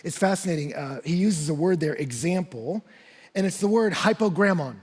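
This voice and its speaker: A man's voice: a little high, animated, moderate pace, husky. A pastor in his thirties, preaching in a conversational storytelling style that builds to emphatic passages. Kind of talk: sermon. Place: church stage.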